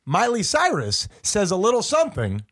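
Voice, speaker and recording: A man's voice: high-pitched, huge pitch swings, moderate pace, fairly bright tone. A man co-hosting a comedy talk show who ribs his partner with sarcastic, mock-serious quiz questions. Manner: teasing, mock-serious quiz-master delivery; sarcastic ribbing. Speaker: co-host. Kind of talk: joking banter between co-hosts.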